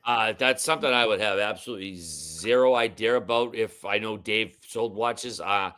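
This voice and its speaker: Halting bright-voiced man guest. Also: lowish voice. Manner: halting, repeats words, lots of fillers. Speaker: podcast guest. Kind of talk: casual chat.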